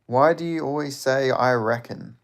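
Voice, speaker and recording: A man's voice: mid-range voice, moderate pace. A man with an Australian accent hosting a livestream, chatting casually and answering viewer comments in a loose, joking way, swearing often and laughing between lines. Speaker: livestream host.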